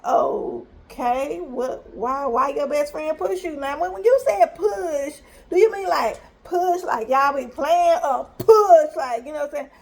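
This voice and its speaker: High-voiced, animated storytelling mother. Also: a little slow, creaky, hardly any pauses. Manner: animated, chatty, emphatic storytelling with repetitions. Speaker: mother telling a story to viewers. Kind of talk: casual storytime vlog.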